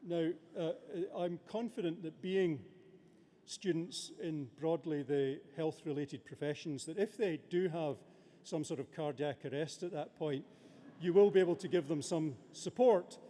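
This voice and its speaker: In a large abbey with long reverb, a man conducting a graduation speaks at the lectern microphone, formal and good-humoured, though he hesitates a lot. His pitch is on the high side, his tone mellow, and he takes his time.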